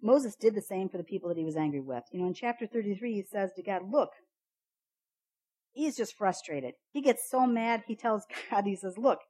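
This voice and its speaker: A woman delivers a casual, chatty devotional Bible teaching, often repeating "you know, the thing is" and jumping up in pitch when she acts out quotes. Her intonation is lively, her pace moderate, her tone darkish, and the recording is rough.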